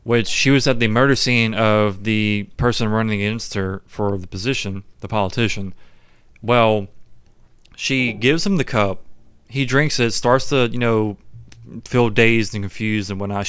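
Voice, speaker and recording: A man's voice: on the low side, steady tone, measured pace, a bit bright, smooth, dry recording. A young man co-hosting a podcast, casually retelling movie scenes with plenty of "like" and swearing. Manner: laid-back storytelling, swears, fills with "like". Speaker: podcast co-host. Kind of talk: casual movie recap chat.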